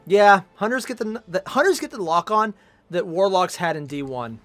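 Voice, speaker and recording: A young man streaming a shooter game, chatting casually and jokily with teammates and bursting into shouts. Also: high-pitched, moderate pace, soft background music. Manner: excitable, jokey, sudden shouts. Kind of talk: casual gameplay commentary.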